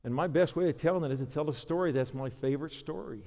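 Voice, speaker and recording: Energetic male leadership keynote speaker. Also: on the high side, quick pace, creaky, hardly any pauses. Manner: energetic storytelling, punchy lists. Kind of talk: conference talk with anecdotes. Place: conference hall. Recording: long hall reverb.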